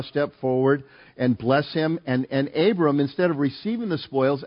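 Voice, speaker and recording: A middle-aged man preaching a sermon, telling stories in a conversational, rambling way with fillers and restarts. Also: on the high side. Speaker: pastor. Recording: dull lo-fi sound.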